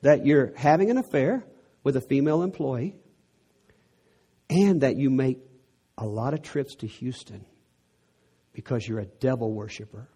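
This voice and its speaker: A man's voice: mid-range voice, unhurried, long pauses, dark tone, breathy edge. A middle-aged man from Texas with a Texan accent, preaching a sermon in an earnest way that builds to emphatic peaks.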